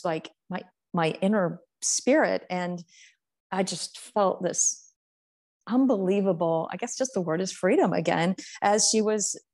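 A woman who founded a portrait art business, telling her story in a casual, earnest, heartfelt way and slowing down to stress words. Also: mid-range voice, darkish tone.

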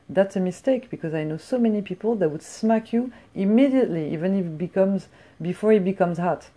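A middle-aged woman from France telling a blunt, profane story in a casual, animated rant. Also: on the low side. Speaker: vlogger.

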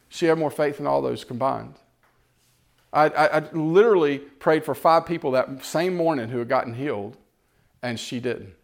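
A man preaching a sermon, swinging between loud exhortation and quiet storytelling. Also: mid-range voice, moderate pace, creaky. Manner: animated, rising to loud exhortation and dropping to quiet, tender storytelling.

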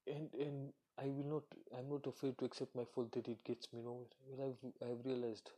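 Brief: man, mid pitch, slightly husky, blunt swearing monologue. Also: flat delivery, normal speed, mellow. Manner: blunt, profane, ranting; acts out quoted voices. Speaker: commentator. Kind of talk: casual monologue.

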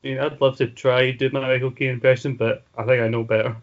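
A man's voice: medium pitch, level tone, fast, highs cut off, slight background noise. A man trading wry, teasing quips in casual podcast banter. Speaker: podcast co-host.

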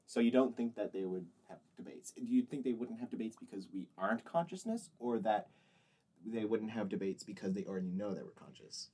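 A man in a casual chat who talks haltingly, restarts often and laughs a lot. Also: lowish voice, expressive, mellow, slightly rough. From United States.

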